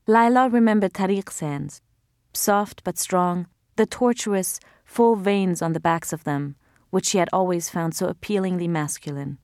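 A female audiobook narrator reads scripted material in a measured, even storytelling style on a close studio mic. Her voice is on the low side, and the recording is dry.

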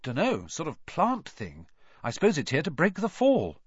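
A man's voice: on the high side, huge pitch swings, normal speed, slightly rough, dry recording, muffled recording, voice pushed up, exaggerated voice. A man voicing an earnest, brave schoolboy wizard in an audiobook reading. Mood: calling. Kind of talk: audiobook character voice.

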